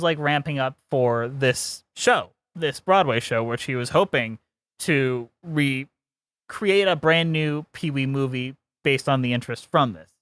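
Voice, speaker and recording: A man co-hosting a chatty podcast. He gives firm opinions and laughs often. His voice sits a bit high and sounds close and dry, with no room around it. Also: fairly bright tone, clean tone, no echo. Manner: opinionated, laughs often, quick vocal mimicry. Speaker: podcast co-host. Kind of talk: casual chat.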